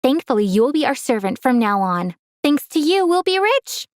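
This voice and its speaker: Storybook role: a woman voicing a jealous teenage cousin, mocking and shrill when excited. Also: normal speed, no room sound.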